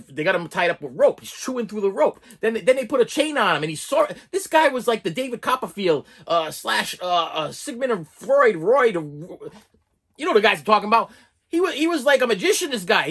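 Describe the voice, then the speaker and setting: Animated, rambling man reviewing a movie. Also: high-pitched, slightly rough. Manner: animated, rambling, mocking characters in put-on voices.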